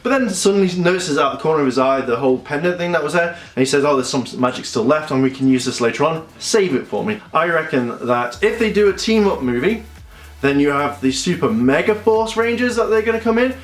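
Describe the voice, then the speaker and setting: A young man, chatting casually as a video reviewer and acting out scenes in quick little voices. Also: on the high side, expressive. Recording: echoey room with faint music.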